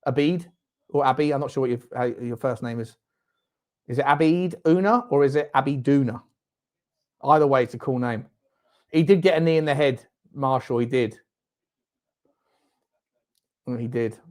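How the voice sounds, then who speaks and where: A man's voice: medium pitch, moderate pace, long pauses. A man hosting a live football watchalong, chatting with viewers between outbursts at the game. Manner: chatty, reads out viewer comments, bursts into shouting at the referee and chances. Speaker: fan watchalong host.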